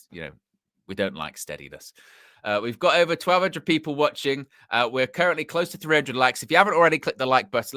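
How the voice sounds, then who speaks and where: Bright-voiced rambling man. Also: fairly low pitch, no echo, clean studio sound. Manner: rambling, animated, full of fillers and restarts. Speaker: host of a fan livestream. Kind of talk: casual live commentary.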